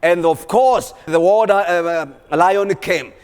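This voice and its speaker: A man preaching a sermon in a church, animated and exhorting with repeated calls to the congregation. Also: sits high, takes it slowly, clean tone. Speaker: pastor. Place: church hall. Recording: long church hall reverb.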